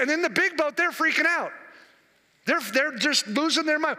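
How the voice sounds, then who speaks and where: A male preacher with a very high, piercing voice, driving his sermon with repetition and questions to the crowd. The sound carries a long reverb, as in a large hall. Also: expressive, normal speed, pushed and bright. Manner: emphatic and repetitive, with rhetorical questions to the congregation.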